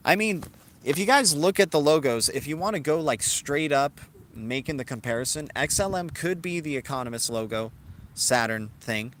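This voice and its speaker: A man's voice: on the high side, lively intonation, moderate pace, a bit bright, slight background noise. A man hosting a casual live stream, talking through ideas and answering viewers in the chat. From Cuban heritage. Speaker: crypto livestream host.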